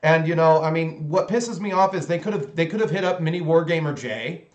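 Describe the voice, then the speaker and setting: A man's voice: fairly high pitch, brisk, dull audio. Rambling, sarcastic male hobby vlogger. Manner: opinionated, sarcastic, rambling with fillers. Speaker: hobby channel host. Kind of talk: casual ranting vlog while painting miniatures. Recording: roomy echo.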